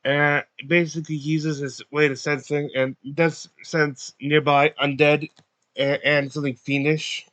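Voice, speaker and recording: Halting man recapping a game. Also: on the high side, little pitch movement, a bit bright, no echo. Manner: halting, many fillers and restarts. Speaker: recap narrator. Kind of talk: casual recap narration.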